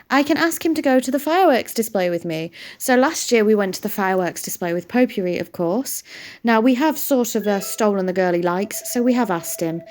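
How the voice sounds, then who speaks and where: A woman's voice: medium pitch, lively intonation, fairly quick, darkish tone, slight background noise. British female game streamer, casual voice-over chat, laughs at her own jokes. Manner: chatty, self-mocking, laughs often. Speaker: gaming channel host. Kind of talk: casual let's-play commentary.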